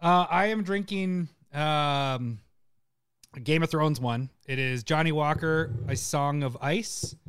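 Male podcast host, easygoing and upbeat; smooth, slightly high voice, dry close sound. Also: takes it slowly, fairly bright tone, no room sound. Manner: upbeat, laughs easily, swears casually. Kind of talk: casual chat.

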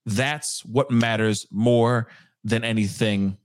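A man's voice: lowish voice, steady tone, takes it slowly. A man hosting a casual live news commentary show, talking straight to his viewers and laughing at his own jokes.

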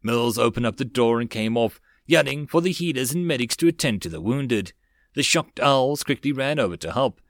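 A man reads a web novel aloud as an audiobook narrator, steady and even. His voice sits in a middle register and is recorded dry and close, with no room echo. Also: mid-range voice.

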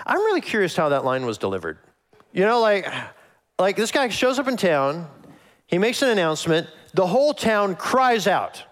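Lively man preaching. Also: high-pitched, a little fast. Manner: animated, acts out quoted lines. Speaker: pastor. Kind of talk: conversational sermon.

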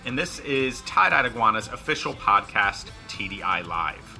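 A man's voice: lowish voice, lively intonation, normal speed, vocal fry, music in the background. A middle-aged man, hosting a casual podcast, joking and rambling. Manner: joking, rambling, laughs at own jokes. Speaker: podcast host. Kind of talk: casual chat.

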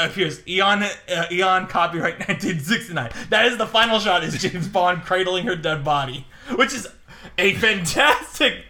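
Bright-voiced man telling rambling stories. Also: high voice. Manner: rambling, animated storytelling with many fillers and laughs. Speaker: podcast co-host. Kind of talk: casual chat.

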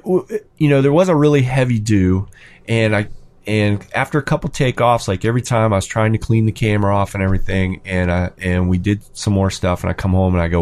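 A man with a fairly low, somewhat mellow voice tells a casual anecdote in a hobby chat about his thirteen-year-old son. It's loaded with fillers and restarts, and his voice rises sharply each time he quotes himself or his son.

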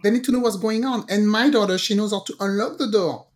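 A woman co-hosting a relaxed podcast, telling stories with plenty of animation. Her voice leaps up whenever she imitates what someone said. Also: fast talker. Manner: animated storyteller, jumps high when quoting people. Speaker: podcast co-host. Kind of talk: casual chat.

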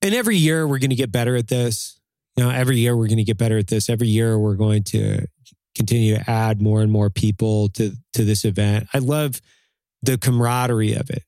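A man's voice: on the low side, fairly quick, warm tone, no echo. A man hosting a casual podcast chat, talking bluntly and profanely in a motivational way.

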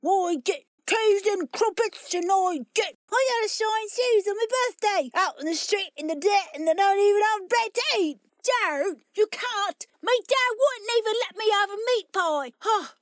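A woman's voice: normal speed, hardly any pauses, no room sound, clean studio sound. A woman voicing a poor, dramatic young boy with a Cockney-ish accent, wailing his complaints. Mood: whiny. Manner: wailing, high-pitched complaining.

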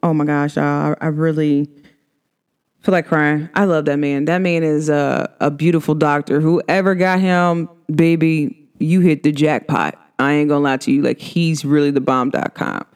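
A woman's voice: deep voice, fairly even intonation, moderate pace, darkish tone, clean tone. A woman in her thirties hosting her own vlog, chatting casually, playful and laughing often. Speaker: vlog host.

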